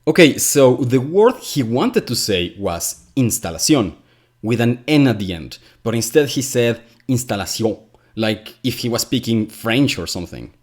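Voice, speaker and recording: A man whose first language is Spanish talks in a wry, exasperated way. He delivers a scripted commentary at a middling pitch. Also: very animated, normal speed, hardly any pauses. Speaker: commentary video host.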